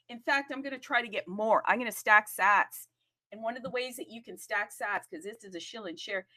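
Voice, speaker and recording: A woman hosting a live audio chat room, talking excitedly and casually, often addressing listeners as "people" and checking in with "okay?". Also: mid-range voice, normal speed. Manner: animated, chatty, keeps asking "okay?" and addressing "people".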